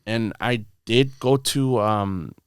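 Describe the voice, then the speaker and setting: A man's voice: lowish voice, slow pace, smooth, no echo. A man casually telling a long story on a podcast, rambling and profane, filling his talk with "bro" and "dude". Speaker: podcast guest. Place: podcast studio.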